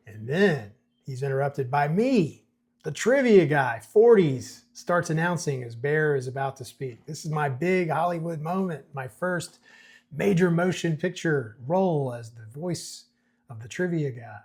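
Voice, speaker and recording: A man's voice: a little high, animated, measured pace, a little mellow, breathy edge. A middle-aged man hosting a screenplay breakdown, chatting casually with fillers and restarts. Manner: conversational, chuckles, many fillers and restarts. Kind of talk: casual commentary reading script excerpts.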